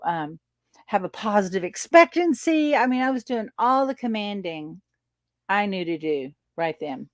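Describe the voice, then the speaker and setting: Female spiritual teacher, storytelling monologue, lively and laughing, slightly high pitch. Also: no echo. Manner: animated, laughs often, acts out quoted exchanges.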